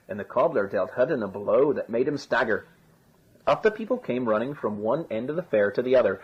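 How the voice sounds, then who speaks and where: A man narrating a storybook in a measured, expressive way. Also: medium pitch, breathy edge. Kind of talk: storybook reading. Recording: dull lo-fi recording.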